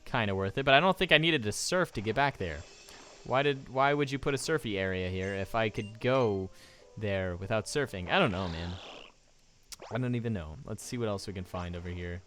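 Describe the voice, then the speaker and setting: A young man casually narrates his own gameplay as a let's play commentator, rambling, joking and reading game text aloud. His voice is lowish, fairly quick and fairly bright in tone, with faint game music in the background.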